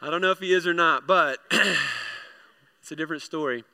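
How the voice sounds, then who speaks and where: A man's voice: a little high, brisk, pushed and bright, clean tone. A pastor in his thirties preaching a sermon, telling a family story with many restarts and repeated words. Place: church hall with congregation.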